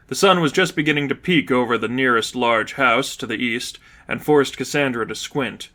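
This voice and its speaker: A man narrates a fan fiction story in a steady, even storytelling manner. His voice is bright and forward, with an ordinary mid-range pitch. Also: normal speed, hardly any pauses. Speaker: fanfiction reader.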